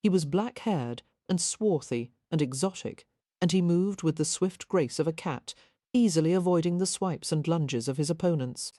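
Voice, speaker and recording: An audiobook narrator, a woman with a low voice, reads a scripted passage in a steady, measured storytelling style. The recording is dry and has clean studio sound.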